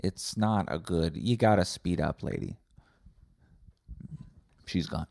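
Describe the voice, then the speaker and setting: Male podcast host, sarcastic profane rambler, low voice, dry close sound. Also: slow, gravelly, a little mellow, dry recording. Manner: rambling, sarcastic, swears a lot. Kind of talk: comedic profane rant.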